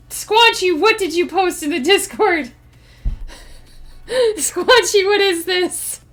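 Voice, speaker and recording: A woman's voice: sits high, fairly bright tone. A woman streamer chatting casually with her live chat, reacting to messages and laughing often. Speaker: streamer and writer.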